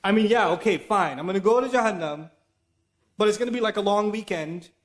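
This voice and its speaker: A man giving a religious lecture in an animated, conversational way, now and then reciting Arabic verses. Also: sits high, a little fast. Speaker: Islamic lecturer.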